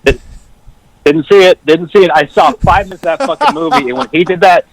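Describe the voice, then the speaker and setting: A man guesting on a casual film chat podcast, excitable and emphatic, swearing a lot. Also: high-pitched, brisk, no room sound, low-quality recording.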